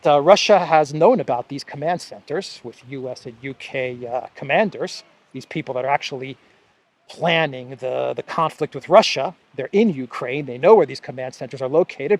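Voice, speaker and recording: A man with a New York accent hosting an animated political commentary vlog outdoors by the sea, often scoffing and laughing. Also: fairly high pitch.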